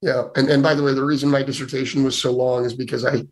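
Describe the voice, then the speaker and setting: Hoarse, enthusiastic man host. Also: mid-range voice, little pitch movement, quick pace, rough recording. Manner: enthusiastic, confident. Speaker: host answering questions. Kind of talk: casual conversation.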